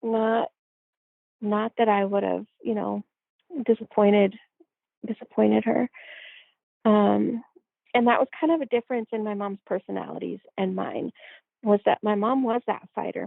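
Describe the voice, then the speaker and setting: A woman guest telling a personal story in a reflective way, filling pauses with "you know". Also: medium pitch, flat delivery, creaky, dry recording. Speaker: podcast guest. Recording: tinny phone-like line.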